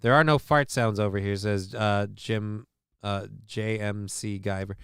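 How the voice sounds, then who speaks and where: A man's voice: lowish voice, steady tone, measured pace, clear, resonant tone, no echo, clean studio sound. A man hosting a livestream show, chatting casually with a profane, sarcastic, rambling manner.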